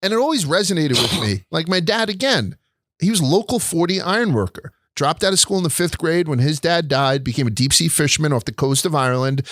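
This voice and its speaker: Animated, swearing man hosting a chat. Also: a little high, brisk, dry recording, studio quality. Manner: animated storytelling with frequent swearing. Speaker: host. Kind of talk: casual chat.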